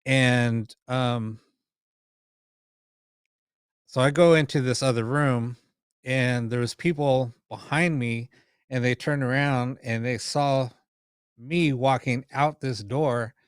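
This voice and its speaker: Guy hosting a paranormal live stream, rambly with lots of ums, smooth voice, dry close sound. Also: medium pitch, steady tone, takes it slowly, long pauses, dry recording. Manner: rambling, many ums and restarts, mild swearing. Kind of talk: casual storytelling on a live stream.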